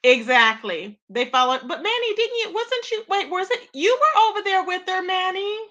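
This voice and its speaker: Woman, livestream host, casual gossip commentary, chats with viewers, high voice. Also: animated, normal speed, sharp tone, lo-fi sound. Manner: chatty, greets viewers by name, calls them babe and child.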